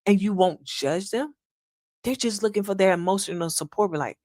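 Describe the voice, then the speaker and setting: A woman hosting a solo podcast, talking with folksy asides and repeating key lines slowly for emphasis. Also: medium pitch, a little mellow, dry recording, studio quality. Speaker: podcast host.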